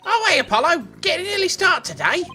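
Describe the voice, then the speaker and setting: A cheerful teenage girl magician chirps her lines in a high, bubbly, sing-song lilt, as a man puts her on while reading a game aloud. The voice bounces all over, bright and lively. Music plays faintly underneath. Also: fast, full character voice.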